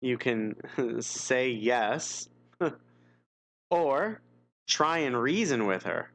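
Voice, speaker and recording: A man reads an interactive gamebook aloud on a live stream and chats about the choices between passages. He talks slowly and casually. His tone is wry and self-mocking, and he chuckles often. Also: medium pitch, expressive, fairly bright tone.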